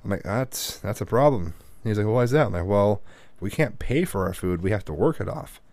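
Man, low voice, dry close sound, casual storytelling dad, quotes his kids. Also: animated, brisk, a little mellow, dry recording. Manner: storytelling, quoting family members. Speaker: podcast co-host, father. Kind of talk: casual chat.

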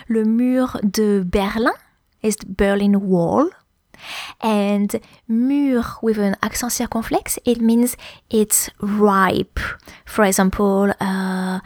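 Soft-voiced lady teaching vocab, goes real slow, spells stuff out, dry sound. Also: mid-range voice, no echo. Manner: slow, careful, spells words letter by letter. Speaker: French teacher. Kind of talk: language lesson.

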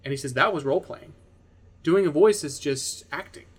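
A man co-hosting a casual podcast chat, who runs his own games and argues his points in a measured, dry way. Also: a little high, husky. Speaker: podcast co-host, game master.

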